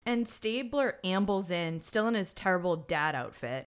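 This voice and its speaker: A woman's voice: lowish voice, normal speed, clean tone. A young woman co-hosting a podcast, wryly recapping a TV episode in casual chat and mimicking the characters. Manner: wry, expressive, mimics yelling characters. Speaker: podcast co-host.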